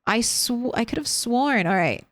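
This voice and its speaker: A woman's voice: fairly high pitch, lively intonation, a little slow, a bit bright. A young woman streaming a game, chatting casually as she plays, rambling between topics and swearing freely. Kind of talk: casual gameplay chat.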